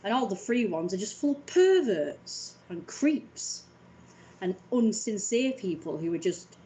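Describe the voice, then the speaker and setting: A woman's voice: mid-range voice, sing-song, measured pace, warm tone, a little hiss or hum, rough recording. A woman in her thirties in a casual, sweary vlog rant, wry and self-mocking and often laughing. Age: 30s.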